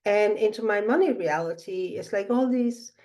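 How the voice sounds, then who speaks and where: A middle-aged woman speaking softly and reflectively, telling a personal spiritual story with many pauses and fillers. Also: mid-range voice. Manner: soft-spoken, meandering, with frequent fillers.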